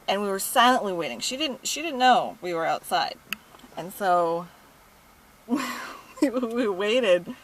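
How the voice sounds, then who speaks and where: A young woman telling an indignant, profanity-filled story about her job at a thrift store in a casual vlog. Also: mid-range voice. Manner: profane, indignant, animated retelling.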